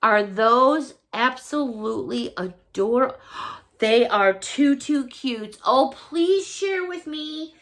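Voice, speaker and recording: A woman's voice: on the high side, animated, slow, a bit bright. A middle-aged woman chatting casually to camera as a YouTuber opening fan mail, effusive and full of thanks and exclamations.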